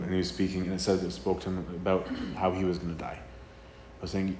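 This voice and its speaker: A male priest with a lowish voice gives a relaxed, chatty sermon talk. He acts out quoted dialogue and keeps asking "right?" to check in with listeners. The sound is roomy, with faint background ambience. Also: fairly quick, few pauses, a little hiss or hum.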